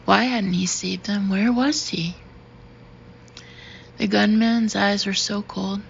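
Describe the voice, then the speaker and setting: A woman reading a thriller audiobook in a steady, even narration. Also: medium pitch, slow, gravelly. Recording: dull, slightly noisy recording.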